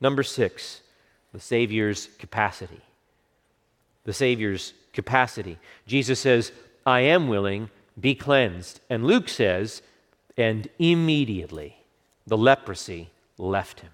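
A man preaching a sermon with fervent swells of emphasis and softer, hushed moments. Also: fairly low pitch, expressive, measured pace. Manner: fervent, rising to bursts then dropping to hushed quotes. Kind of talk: expository sermon. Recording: long reverb of a large hall.

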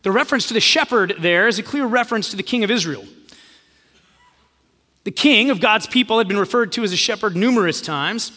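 A man's voice: sits high, animated, a little fast, bright, forceful tone. A man preaching a sermon, telling a story and acting out the quoted lines in a casual voice. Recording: long hall reverb.

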